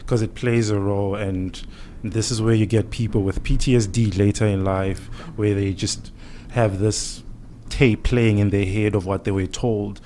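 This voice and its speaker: A man appears as a guest doctor in a radio podcast interview, explaining things in a calm, measured way with many "you know"s. His voice is fairly low, and there is slight background noise.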